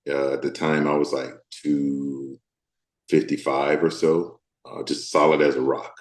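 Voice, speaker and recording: A man from the Deep South of the US, an actor speaking candidly as an interview guest, thoughtful and halting with many fillers. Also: level tone, echoey room.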